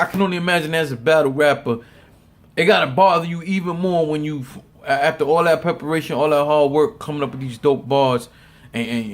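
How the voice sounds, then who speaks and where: A man giving casual, profane opinion commentary on a battle rap, stumbling over repeated words and laughing often. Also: a little high.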